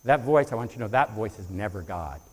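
A man preaching a sermon to his congregation, moving from quiet reflection to rising, fervent emphasis. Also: fairly low pitch, lively intonation, fast, long reverb tail. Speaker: pastor. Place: church sanctuary before a congregation.

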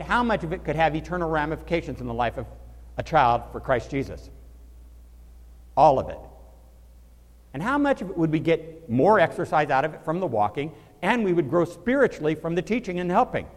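A male pastor delivering a sermon, addressing the congregation with animated rhetorical questions. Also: on the high side, in a large hall.

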